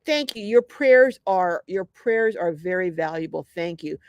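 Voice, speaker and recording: A woman's voice: on the low side, lively intonation, a little slow, dry recording. A middle-aged woman hosting a casual livestream, chatty and upbeat, reading out viewer comments with lots of ums. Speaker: livestream host.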